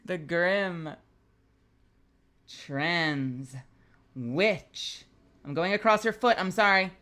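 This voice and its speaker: A woman with a slightly low voice chats away on a live stream while she signs autographs. She is excitable and talkative, laughs often and swears casually. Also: drawn-out words. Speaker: voice actor streaming an autograph signing.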